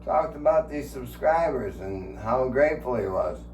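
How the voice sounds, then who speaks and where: A man's voice: mid-range voice, expressive, normal speed, a little mellow, dull audio. A man in his sixties rambling casually at home for his vlog, swearing freely and chuckling as he tells stories. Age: 60s. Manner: profane, chuckling storyteller. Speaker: vlogger. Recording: echoey room with faint hum.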